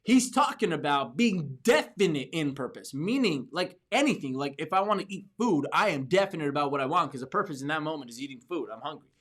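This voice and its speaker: Guy hosting a business podcast, hypes himself up, keeps restarting sentences, kinda high voice. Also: animated, fairly quick, hardly any pauses, a bit bright. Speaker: podcast host. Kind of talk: motivational talk.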